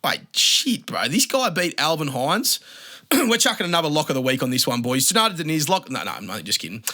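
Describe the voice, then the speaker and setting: A man's voice: on the high side, big pitch swings, quick pace, pushed and bright. A young Australian man hosting a casual fight-prediction show, talking in a blunt, sweary, joking way. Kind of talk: casual solo commentary.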